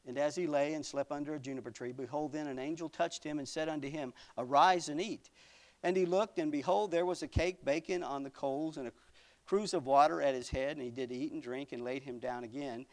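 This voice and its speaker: A man's voice: a little high, steady tone, fairly quick. A man preaching a sermon, reading old scripture aloud and adding folksy asides, dropping to a near whisper at times. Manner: dramatic swings from loud to near whisper; folksy asides with small laughs.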